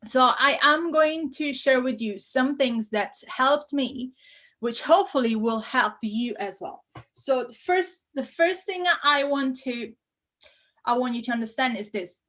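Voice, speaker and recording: A woman hosting a live language-learning Q&A, bubbly and effusive with excited bursts. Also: sits high, unhurried. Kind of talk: casual live-stream chat.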